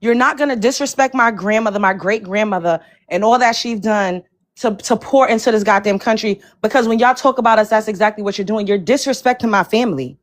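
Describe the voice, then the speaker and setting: A woman's voice: medium pitch, fairly quick. A woman on a livestream panel, talking in a combative, profane, emphatic way. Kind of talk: heated livestream panel talk.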